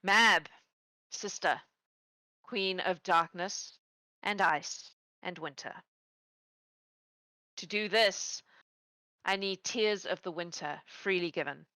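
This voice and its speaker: A woman voicing Titania, a regal fey queen of summer who speaks in a measured, formal and cutting way. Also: on the low side, pushed and bright, no room sound.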